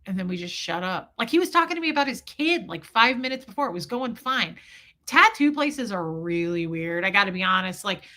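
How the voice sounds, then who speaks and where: This live-streaming woman talks briskly at a medium pitch. Her casual chat is full of animated stories, viewer comments read aloud and free swearing.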